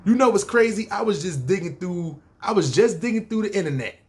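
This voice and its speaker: A man's voice: sits high, lively intonation, a little fast, a little mellow. A man with a New York accent, hosting a podcast and telling a story from his life in casual, profane street slang. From Harlem, New York. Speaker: podcast host.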